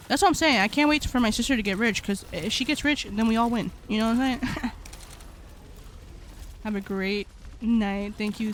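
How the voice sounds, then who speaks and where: A woman's voice: on the high side, a bit bright, slight background noise. A woman streaming live, chatting casually with her viewers in a slangy, rambling way, often laughing.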